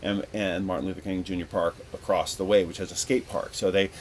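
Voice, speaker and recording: Male podcast host, low voice, rambling storyteller, casual and profane. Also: steady tone, fairly quick, slight background noise. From Northern California.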